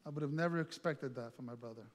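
A middle-aged male pastor telling a lively personal story in a sermon, acting out the other voices in it. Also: mid-range voice, fast. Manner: animated storytelling with quoted voices. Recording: long reverb, faint music.

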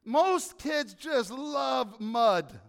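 High-voiced preacher in an echoing hall. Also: male voice, very slow, vocal fry. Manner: animated, asks the congregation questions. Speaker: pastor. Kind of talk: sermon.

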